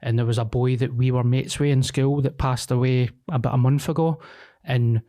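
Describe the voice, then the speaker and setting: A man's voice: medium pitch, fairly even intonation, normal speed, mellow. A Scottish man in his thirties, a comedian telling blunt, sweary stories in casual podcast chat. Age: 30s.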